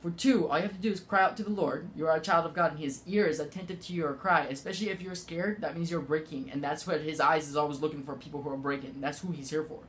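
A man giving a casual spiritual talk, rambling with many fillers and halting restarts. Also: on the high side, fairly even intonation, fairly bright tone, slight background noise. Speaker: spiritual vlogger.

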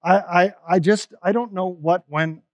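A man delivers a sermon as a pastor, telling personal stories in a conversational, emphatic way that stumbles and restarts as he goes. His voice sits high for a man. The sound is dry and close, with almost no room around it. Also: steady tone, measured pace, darkish tone, dry recording. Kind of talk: Easter sermon.

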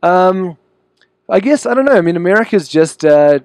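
A young man with a New Zealand accent talks in a relaxed, easygoing way as a musician giving an interview. His voice sits a little high for a man. The sound is close and dry, with no room echo. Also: normal speed. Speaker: band musician, interview guest. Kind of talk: casual interview chat.

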